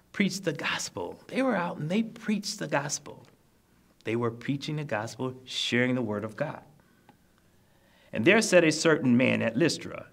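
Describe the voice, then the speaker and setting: A man's voice: mid-range voice, gravelly. A man preaching a sermon to nursing home residents, explaining scripture plainly and repeating his points to encourage them. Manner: repetitive, exhorting, explains scripture in plain terms. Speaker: minister.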